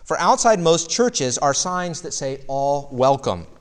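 A male pastor delivering a sermon with a somewhat high voice. He talks animatedly, tossing rhetorical questions and quick asides to his listeners. The delivery is engaged and conversational. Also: big pitch swings.

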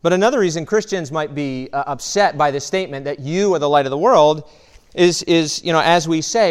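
A man's voice: fairly high pitch, brisk. A man, a pastor, preaching a sermon in a conversational way, often checking in with "right?" and restarting phrases.

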